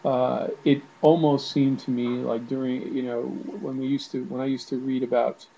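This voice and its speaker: A man talks straight to camera from home in a mellow, mid-pitched voice. He rants with irritation, stumbling through fillers and restarts. A faint hiss sits under the recording. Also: little pitch movement, normal speed, gravelly, highs cut off. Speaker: video blogger. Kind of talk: casual spoken commentary to camera.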